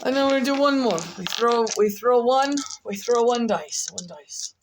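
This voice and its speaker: A woman's voice: fairly high pitch, a little slow, slight background noise. A woman vlogger rambling through casual commentary, repeating herself and muttering asides as she goes.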